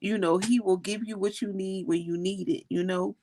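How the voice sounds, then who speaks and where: A woman's voice: medium pitch, fairly even intonation, normal speed, mellow, slight background noise. A woman chatting casually from home on a livestream, rambling with many "you know"s and laughing often. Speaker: livestream host. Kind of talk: casual heartfelt livestream chat. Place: at home, indoors.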